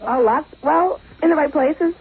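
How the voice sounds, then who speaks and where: A woman's voice: high-pitched, a little slow, vocal fry. Giggly woman in her thirties on radio. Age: 30s. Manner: giggly, short answers. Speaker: radio show guest. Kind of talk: radio talk show banter. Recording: tinny lo-fi radio broadcast.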